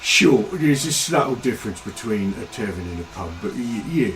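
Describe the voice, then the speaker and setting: A man's voice: on the low side, very animated, normal speed, poor audio. A man voicing a leering Cockney layabout who mutters and rambles on in slang. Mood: rambling.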